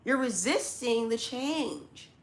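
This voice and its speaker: A woman's voice: a little high, expressive, slow. A woman doing a zodiac tarot reading to camera, talking straight at the listener in a blunt, scolding way, with casual slang and repeated points. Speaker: tarot reader.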